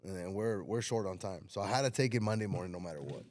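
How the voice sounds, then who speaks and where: A man's voice: low voice, expressive, fast talker, darkish tone. A man, hosting a casual talk show and telling a story, acting out the dialogue and swearing freely. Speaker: podcast host telling a story.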